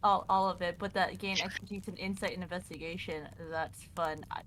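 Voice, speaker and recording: A woman playing in an online tabletop game, chatting casually, giggly and excitable, swearing freely. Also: fairly low pitch, fairly quick, a little hiss or hum. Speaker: player.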